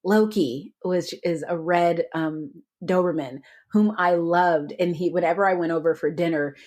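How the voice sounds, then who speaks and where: Low-voiced woman podcast co-host. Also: normal speed, darkish tone. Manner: chatty, laughs often, trailing restarts. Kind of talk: casual chat.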